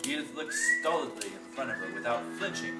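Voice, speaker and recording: A speaker reading stage directions in a plain, even way, set back from the mic. The room is echoey, with loud music behind. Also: medium pitch, brisk, recorded from a distance.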